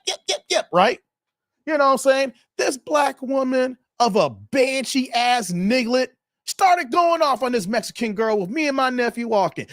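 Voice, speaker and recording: A man tells a story to his viewers in a loose, profane rant. His fairly high voice leaps up and down with lively expression. The sound is close and dry, with no room echo. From Chicago, USA. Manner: animated, profane, talks straight to viewers. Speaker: YouTube commentator.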